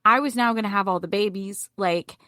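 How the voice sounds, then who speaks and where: A middle-aged woman telling a personal story as a podcast guest, vivid and animated. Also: mid-range voice, a little fast, no echo, studio quality.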